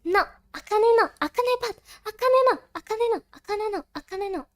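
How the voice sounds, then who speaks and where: A woman's voice: extremely high pitch, very fast. A young adult woman chatting playfully on a stream, giggling often and switching between Japanese and English. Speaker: vtuber streamer. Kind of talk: casual chat on a stream collab.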